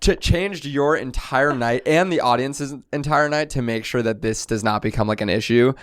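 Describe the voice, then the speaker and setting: A man who is a guest comedian on a podcast, chatting casually and reacting with easy, relaxed remarks. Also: medium pitch, normal speed, clean tone. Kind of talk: casual chat.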